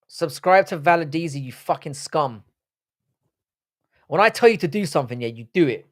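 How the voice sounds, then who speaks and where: A man's voice: a little high, expressive, moderate pace. Crude, bantering man with a London accent. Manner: banter-heavy, crude, reads chat aloud. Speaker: livestream host. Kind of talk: casual live-stream chat.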